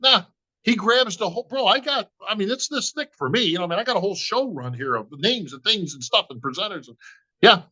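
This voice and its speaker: A man's voice: high-pitched, animated, a little fast, bright, forceful tone, poor audio. A middle-aged man, a bodybuilding emcee, telling a long story on a podcast and acting out both sides of the talk. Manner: acts out both sides of conversations, says "bro" and "right?" constantly.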